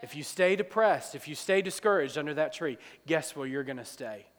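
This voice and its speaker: A man preaching a sermon, acting out dialogue, swinging from loud to quiet. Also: a little high, animated, brisk. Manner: preaching, acts out dialogue, rises loud then drops quiet. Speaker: pastor. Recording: long hall reverb.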